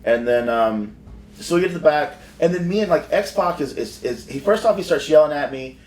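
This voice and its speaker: A man's voice: fairly high pitch, expressive, moderate pace, darkish tone. Profane man telling a backstage story. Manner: rambling, profane, frequent restarts. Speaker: professional wrestler. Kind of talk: casual storytelling on a podcast. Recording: roomy sound from far off.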